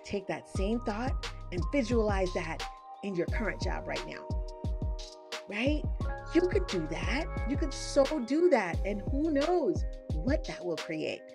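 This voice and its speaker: A woman leading a live online workshop, chatty and excitable, checking in with "right?" as she goes, speaking into a webcam. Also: mid-range voice, takes it slowly, vocal fry, over music. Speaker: online course creator and trainer.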